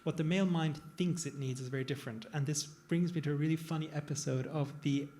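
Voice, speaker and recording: A man's voice: a little high, steady tone, fast talker, warm tone, slight background noise. A man, a plastic surgeon, talking casually on a panel to a live audience, digressive and self-deprecating. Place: event room with an audience.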